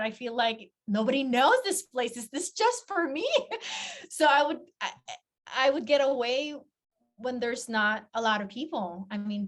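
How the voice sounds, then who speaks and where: Earnest, high-voiced woman coach. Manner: earnest, heartfelt and reflective. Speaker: confidence coach. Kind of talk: casual podcast interview.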